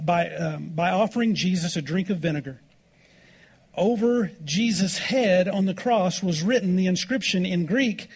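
A male pastor delivering a sermon, reading scripture aloud and slowing down to stress key words. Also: high-pitched, breathy edge. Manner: slows down for emphasis, reads scripture aloud.

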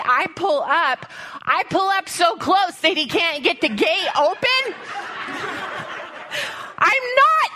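A middle-aged woman gives a storytelling sermon at church. Her voice is very high and bright with a sharp edge. She laughs often and acts out her own panic with big, animated energy. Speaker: speaker at a cowboy church. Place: church service.

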